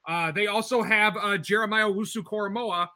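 A young man with a high, very bright and forceful voice, talking football on a casual podcast. He hesitates a lot, filling gaps with "uh" and "like" and restarting his sentences. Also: fairly even intonation, a little fast. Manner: hesitant, many fillers and restarts. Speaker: podcast co-host. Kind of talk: casual sports debate.

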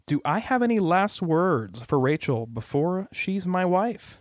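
A man giving a heartfelt recorded message to his bride-to-be, tender and halting, with soft fillers. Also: high-pitched, very animated, no room sound, clean studio sound. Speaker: guest, the bride's fiancé.

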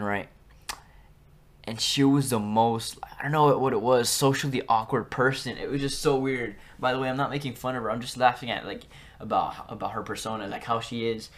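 A young man hosting a podcast, telling stories from his school days in a chatty, rambling way, full of fillers and restarts. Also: mid-range voice. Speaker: podcast host. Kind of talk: casual storytelling.

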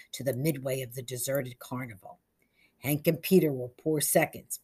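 Low, husky woman reading a story. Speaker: narrator.

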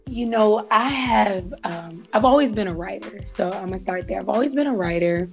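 A woman's voice: mid-range voice, moderate pace, vocal fry, faint music behind. Reflective woman guest on a podcast. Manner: reflective, with fillers and soft laughs. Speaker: guest author and life coach. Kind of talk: casual interview chat.

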